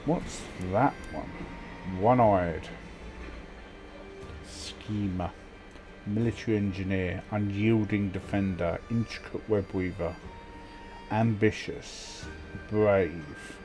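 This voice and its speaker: A man's voice: lowish voice, slow, pauses often, music in the background. A man casually commentating a strategy game, sleepy and yawning, reading event text aloud with wry muttered asides. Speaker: gameplay commentator.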